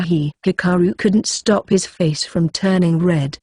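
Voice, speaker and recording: Woman narrator, steady storyteller, dark warm tone, dry close sound. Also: lowish voice, a little slow, hardly any pauses, dry recording. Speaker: audiobook narrator. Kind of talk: scripted narration.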